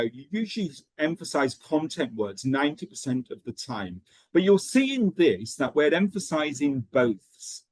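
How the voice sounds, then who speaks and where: A man's voice: on the high side, dry recording. A man leading an online teacher-training lesson, checking in often with "okay" as he explains. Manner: lively, checks in with frequent "okay".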